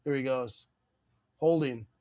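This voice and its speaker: A man hosting a live sports watch party, chatting casually, joking and reading viewer comments, breaking into excited play-by-play on big plays. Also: medium pitch, slow, no room sound. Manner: rambling, joking, reads viewer comments aloud.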